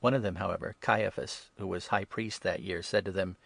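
A man reading scripture aloud in a steady, even narration. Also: deep voice, brisk, creaky, dry recording. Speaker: reader.

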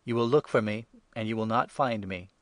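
A man reading the words of Jesus as a solemn male teacher in a measured way, louder and higher on key phrases. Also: no room sound, natural voice. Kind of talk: scripture reading.

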